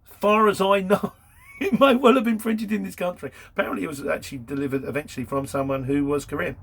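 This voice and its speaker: Fast and high-voiced, with vocal fry and a breathy edge, a man in his 50s chats casually in a Q&A about his courier driving job. He tells anecdotes in a chatty way, laughing between them.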